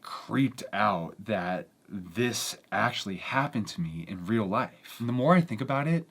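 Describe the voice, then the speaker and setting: Lady doing a storytime vlog, super expressive voice jumping all over, kinda exasperated. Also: very deep voice. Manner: animated, exasperated retelling. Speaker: vlogger.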